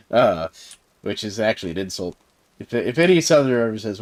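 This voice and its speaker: Fast-talking and expressive, this man's voice sits on the low side. He's a thirtysomething livestreamer and server host from the American South, casually rambling while he plays and chuckling through many fillers.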